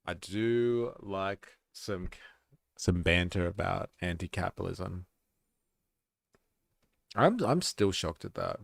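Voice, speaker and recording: Low gravelly Australian man streaming. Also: slow, pauses often, no echo, studio quality. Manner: relaxed, swearing, reacting to clips with laughs. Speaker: live stream host. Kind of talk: casual live-stream commentary.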